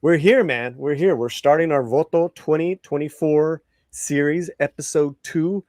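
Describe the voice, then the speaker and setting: A man's voice: fairly high pitch, a little slow, a little mellow, no echo, clean studio sound. A man hosting a live-streamed talk show, chatty, laughing easily and repeating his phrases. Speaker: host.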